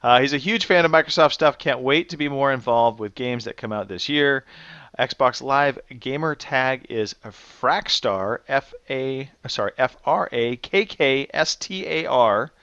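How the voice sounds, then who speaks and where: A man's voice: medium pitch, unhurried, fairly bright tone, clear, resonant tone, no room sound, lo-fi sound. A man hosting a casual gaming podcast, easygoing as he reads out new members' introductions. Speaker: podcast host.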